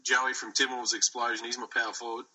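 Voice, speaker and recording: A man's voice: medium pitch, level tone, fast talker, pushed and bright, slight background noise, rough recording. A man co-hosting a sports podcast, joking in casual banter and laughing often. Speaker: podcast co-host. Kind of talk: casual chat.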